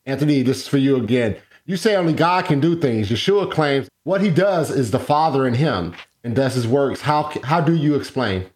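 A man putting audience questions to the debaters, reading them out and slowing on Greek terms. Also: medium pitch, expressive, a little mellow. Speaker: moderator relaying questions.

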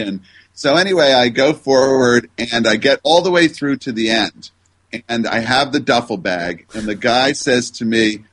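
A man's voice: mid-range voice, normal speed, fairly bright tone, breathy edge, poor audio. An older man, a guest researcher, telling a funny anecdote in a podcast interview with many fillers and restarts.

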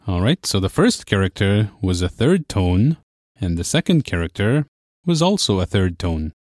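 Deep-voiced man teaching a language lesson. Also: sing-song, darkish tone, dry recording, clean studio sound. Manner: clear, measured teacher's explanations. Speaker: language course host. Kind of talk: scripted lesson narration.

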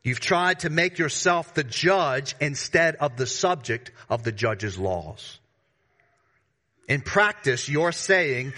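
A man preaching a sermon to his congregation, emphatic, with sudden rises in pitch and volume and casual slangy asides. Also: lively intonation, slow pace, pushed and bright. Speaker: pastor.

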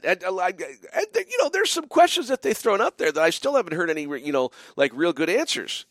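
Chatty, animated middle-aged man hosting radio. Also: sits high, no echo, clean studio sound. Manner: rambling, chatty, lots of fillers and restarts; playful, mock-drawling asides. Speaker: radio call-in host and biker church pastor. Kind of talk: late-night call-in radio talk.

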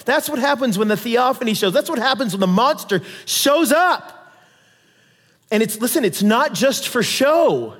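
Animated preacher in a hall. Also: male voice, very high voice, moderate pace. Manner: animated, conversational preaching with dramatic readings. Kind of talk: sermon.

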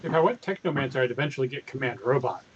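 A man's voice: medium pitch, lively intonation, rapid-fire, noisy background. A man player chatting at a tabletop game, making dry joking asides. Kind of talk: casual chat at a game table. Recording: dull lo-fi audio.

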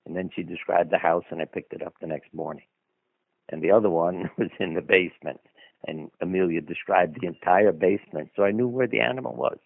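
Talking a little fast, this man has a low voice with vocal fry and a slightly rough quality, and there's no echo. He's a guest author on a radio interview, telling anecdotes in a rambling, conversational manner with asides, heard through dry phone-line audio.

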